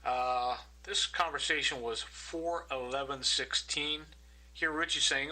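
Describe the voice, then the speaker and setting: Man, very bright tone, husky, indignant narration, accusing, repetitive. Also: medium pitch, a little slow, poor audio. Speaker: vlogger narrating his own recordings. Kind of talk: angry complaint narration.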